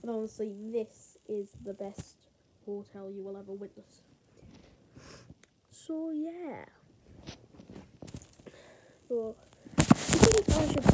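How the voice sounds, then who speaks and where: Rambling young woman vlogging, out of breath. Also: a little high. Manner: rambling, chatty, many fillers and restarts. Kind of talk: casual vlog chat. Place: hotel room. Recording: loud background noise. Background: loud noise.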